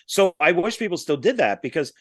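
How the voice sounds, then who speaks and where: A man's voice: fairly high pitch, fairly quick, husky, no room sound, studio quality. Man retelling movie scenes in casual chat. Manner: animated storyteller who retells scenes with quoted lines and small laughs. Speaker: podcast co-host.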